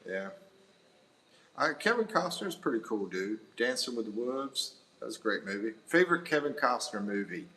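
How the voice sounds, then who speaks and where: A man's voice: mid-range voice, big pitch swings, normal speed, bright, forceful tone, low-quality recording. A middle-aged man hosting a casual livestream indoors by a window, rambling and chuckling as he chats. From United States. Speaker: livestream host. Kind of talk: casual live-stream chat.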